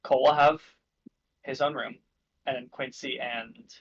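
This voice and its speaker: A man playing a tabletop game, calm and peacemaking, narrating his character's actions. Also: mid-range voice, unhurried, highs cut off. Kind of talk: casual in-character chat.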